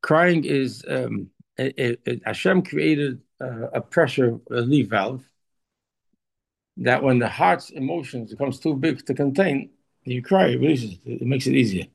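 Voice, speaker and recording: A man giving an informal Torah talk, halting and repeating words, then pressing his points with emphatic urging. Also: mid-range voice. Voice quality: gravelly, husky voice. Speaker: Torah teacher.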